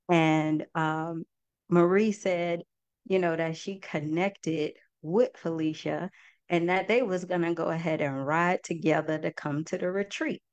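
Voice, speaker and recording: A woman's voice: lowish voice, clean tone, no echo, dull audio. A woman hosting a group talk for an online audience, speaking in a heartfelt, folksy way and often calling her listeners "y'all". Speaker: host and project founder.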